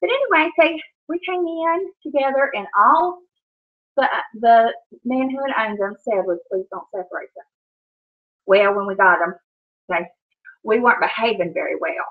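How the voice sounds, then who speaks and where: A woman's voice: on the high side, expressive, normal speed. A woman chatting casually on a home livestream from her kitchen, scolding her dogs in baby talk between stories. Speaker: vlogger. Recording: dull lo-fi sound.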